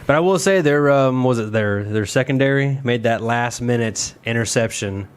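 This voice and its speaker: A man's voice: medium pitch, normal speed, smooth. Easygoing male podcast co-host. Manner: upbeat, easygoing banter. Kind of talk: casual chat.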